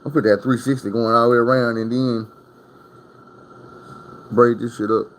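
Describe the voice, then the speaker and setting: A man's voice: mid-range voice, little pitch movement, normal speed, fairly bright tone, a little hiss or hum. Profane, rambling man telling stories. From Arkansas. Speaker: storyteller recounting prison stories. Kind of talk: casual storytime monologue.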